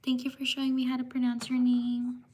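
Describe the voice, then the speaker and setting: A woman hosting a livestream, reading out viewers' names slowly and apologizing when she might have mispronounced them. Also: high-pitched, completely flat delivery, breathy edge. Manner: slow, apologetic, drawn-out shout-outs. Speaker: livestream host. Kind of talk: livestream shout-outs.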